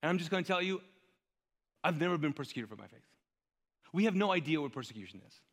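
A man preaching a sermon as pastor, animated and joking, growing louder and higher as he tells a story. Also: fast. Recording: reverberant hall.

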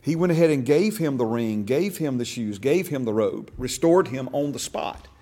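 A man's voice: medium pitch, lively intonation, normal speed, dark tone. A man teaching a church discipleship class, stressing key words and asking the class questions. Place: church classroom, also streamed online.

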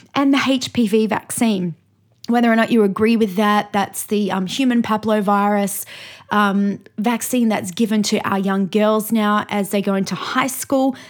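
Australian woman pastor giving a teaching talk. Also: medium pitch. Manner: energetic, reads lists with emphatic pauses. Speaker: pastor and host.

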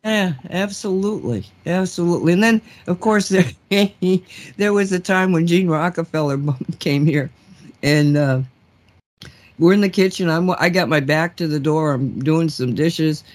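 A woman's voice: lowish voice, unhurried. Woman host, casual storyteller, rambling, many restarts, laughs a lot. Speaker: talk show host.

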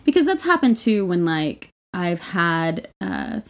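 A woman's voice: lowish voice, big pitch swings, slow pace. A woman co-hosting a podcast, telling stories in casual chat, blunt and profane with frequent laughs. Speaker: podcast co-host.

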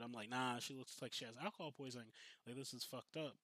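A man's voice: mid-range voice, a little fast, no room sound. A man casually telling a story with lots of swearing, acting out the lines of the people in it. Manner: profane, animated, acts out quotes.

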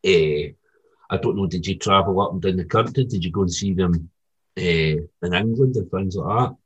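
A man's voice: sits low, normal speed, lo-fi sound. A man hosting a podcast interview, asking brief questions and chiming in casually. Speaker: podcast host.

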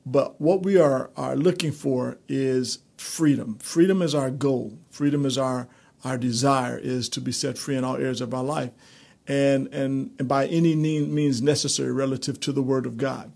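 A male pastor teaching a streamed Bible study in a conversational preaching manner, building to animated emphasis. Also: mid-range voice, normal speed, gravelly.

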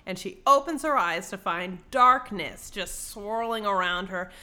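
A woman casually recapping a book for her co-host, bright and clear in tone. She swears freely, laughs often and acts out the characters. She sounds a little tipsy from wine. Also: medium pitch, lively intonation, measured pace. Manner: giggly, swears freely, acts out scenes with exaggerated voices. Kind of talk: casual chat.

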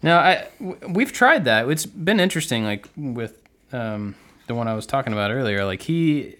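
A man's voice: mid-range voice, fairly bright tone. A man in casual conversation, reflective and a little hesitant, speaking frankly about a frustrating year as a parent. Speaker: podcast co-host, parent. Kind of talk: casual chat.

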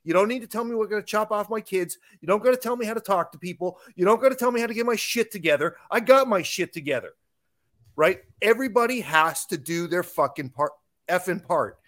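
A man's voice: high-pitched, animated, fairly quick, a bit bright. A tired man, a business owner and podcast guest, ranting about politics with swearing and rising heat. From Canada.

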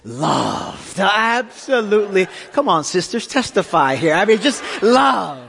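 A male pastor giving a sermon, telling a story with lively, acted-out dialogue. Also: sits high, measured pace, creaky, few pauses, breathy edge. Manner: animated storytelling, acting out dialogue. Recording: long hall reverb.

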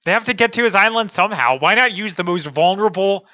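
A man's voice: high-pitched, animated, fast talker, pushed and bright, no echo, highs cut off. A man co-hosting a podcast, chatting about a movie and tossing in dry wisecracks. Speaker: podcast co-host. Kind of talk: casual movie chat.

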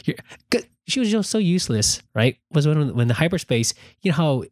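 Man, podcast co-host, quick animated storyteller, dry close sound. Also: fairly high pitch, dry recording. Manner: animated storyteller who acts out quotes. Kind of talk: casual chat.

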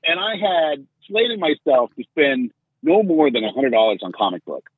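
A man hosting a podcast, telling stories in animated, teasing casual chat. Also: fairly high pitch, normal speed, breathy edge, dry recording. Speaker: podcast host. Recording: tinny phone-like line.

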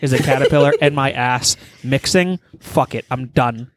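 With a medium-pitched voice at a moderate pace and no room sound, a man co-hosting a podcast shares a story. His casual storytelling is energetic and profane, stretched with exaggeration for humor.

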